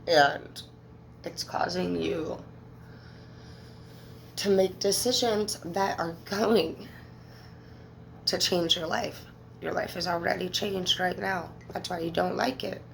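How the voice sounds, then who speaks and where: Low, gravelly-voiced woman talking candidly. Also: steady tone, slow, long pauses, a little hiss or hum, low-quality recording. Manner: candid, emotional, swears freely. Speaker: tarot reader. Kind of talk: casual monologue to viewers.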